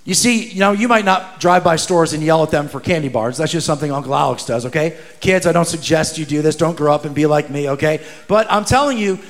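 A man from New Jersey preaching as a guest, telling funny stories with animated, joking energy. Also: fairly high pitch, a little fast, hardly any pauses. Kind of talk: sermon with humorous storytelling.

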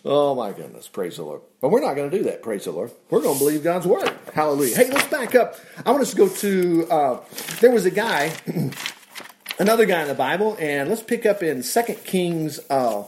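A man's voice: fairly high pitch, slight background noise. A man preaching a casual, folksy sermon, often laughing and dropping in "praise the Lord". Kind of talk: conversational sermon.

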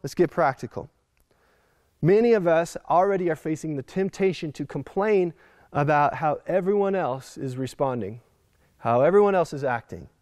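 High-voiced pastor preaching a sermon. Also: male voice, normal speed, no echo, studio quality. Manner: animated, acts out quoted voices.

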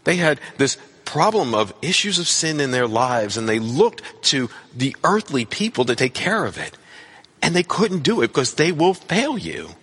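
A man's voice: on the high side, very animated, normal speed, a bit bright, breathy edge. A man preaching a sermon with earnest, emphatic repetition. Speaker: pastor.

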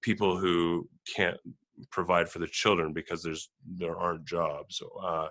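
A male interview host with a very deep voice that still has a forceful brightness. He talks in a relaxed, storytelling way and keeps the ums and uhs in. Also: measured pace. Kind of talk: conversational interview.

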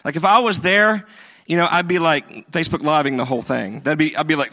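Bright-voiced man preaching a casual sermon. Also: a little high, lively intonation, fairly quick. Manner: conversational, joking, with many restarts. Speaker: pastor.

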